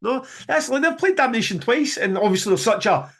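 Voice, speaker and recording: A man's voice: extremely high pitch, expressive, fairly quick, a bit bright. A man co-hosting a podcast, chatting enthusiastically and rambling with many restarts. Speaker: podcast co-host, festival promoter. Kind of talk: casual chat.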